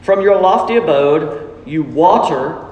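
Emphatic preacher in an echoey hall. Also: male voice, on the high side, expressive, slow pace, highs cut off. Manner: emphatic preaching, repeats phrases for stress. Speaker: pastor. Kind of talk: sermon. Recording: echoey hall, faint background noise.

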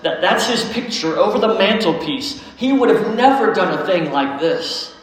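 A man's voice: sits high, expressive, moderate pace, pitched above the performer's own voice. A man doing a sobbing, stammering fawn. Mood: ashamed. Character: sobbing guilt-ridden male fawn. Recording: echoey hall, faint noise.

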